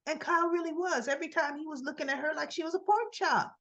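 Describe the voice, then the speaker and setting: A woman's voice: high voice, quick pace, fairly bright tone, muffled recording. A woman recapping a soap opera episode in a casual retelling, acting out the characters' lines with chatty asides.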